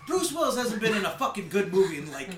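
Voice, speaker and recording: A man's voice: sits high, fast talker, reverberant, a crowd in the background. A man chatting casually as a podcast co-host, swearing and acting out quotes. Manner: animated, swearing, laughing, acts out quotes. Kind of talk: casual chat.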